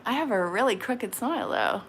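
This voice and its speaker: A woman in her late thirties giving casual tarot readings on a live stream, chatty and frank with quick asides. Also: fairly high pitch, lively intonation, a little hiss or hum. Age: 30s.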